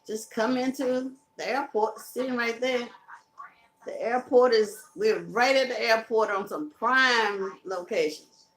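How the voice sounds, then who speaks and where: A woman's voice: fairly high pitch, unhurried, fairly bright tone, echoey room, poor audio. A woman with a Southern US accent, hosting a casual live stream, chatting, laughing and reading out viewer comments. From Carolinas, US South. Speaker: live-stream host promoting a music tour.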